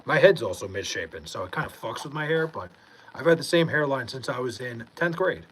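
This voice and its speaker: A young man from Long Island, high and laid-back, reading comments aloud in a casual livestream and swearing freely. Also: lively intonation, brisk, fairly bright tone, a little hiss or hum, poor audio. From Long Island, New York.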